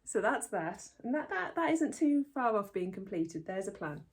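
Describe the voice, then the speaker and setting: A woman's voice: medium pitch, very animated, normal speed, slightly rough. A woman hosting a knitting podcast, talking casually to the camera in a rambling, self-deprecating way with many restarts.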